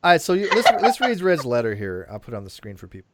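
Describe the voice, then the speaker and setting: A man's voice: medium pitch, huge pitch swings, fast. A man hosting a casual chat show, talking hesitantly with frequent fillers and restarts. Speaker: host.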